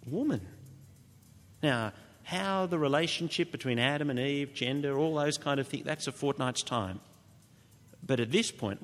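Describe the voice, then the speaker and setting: A man preaching an expository sermon, changing his pitch and loudness for emphasis. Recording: long hall reverb.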